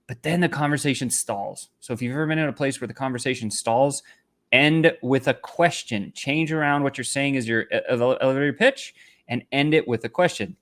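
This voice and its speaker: A man coaching viewers on elevator pitches in an energetic talk to camera, swinging his pitch and loudness for emphasis and tagging points with "right?". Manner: punchy, repeats "right?" and "very simple". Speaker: business coach.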